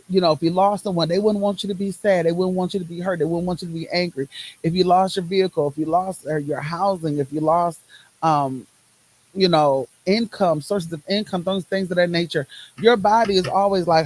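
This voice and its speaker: A woman's voice: fairly low pitch, a little fast, a little mellow, poor audio. A woman hosting a podcast, talking about her own life in an emphatic, repetitive rhythm, recorded on a phone. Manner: emphatic, repeats phrases in rhythmic runs; uses casual Southern US words like y'all. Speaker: podcast host; medical field worker. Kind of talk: personal podcast monologue.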